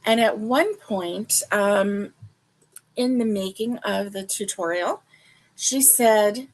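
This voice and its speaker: A woman hosts a casual crochet livestream, talking directly to viewers in a medium-pitched voice at a slow pace. She sounds a little sleepy and chats in a rambling way, full of fillers.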